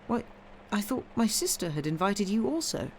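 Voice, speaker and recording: A woman voicing a nervous, secretive young woman in a read-aloud story, anxious and hushed. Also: mid-range voice, big pitch swings, normal speed, a little hiss or hum, voice pushed up, close to an everyday voice.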